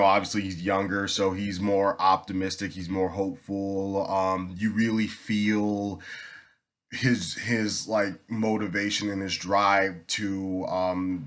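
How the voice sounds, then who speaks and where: A man giving a casual spoken movie review, pausing often with ums and restarting his sentences. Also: low-pitched, fairly bright tone. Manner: halting, many ums and restarts.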